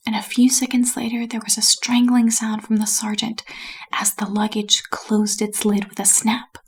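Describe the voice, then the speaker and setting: A woman reading a bedtime story aloud as a whispered role-play, soft and unhurried. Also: medium pitch, slightly rough.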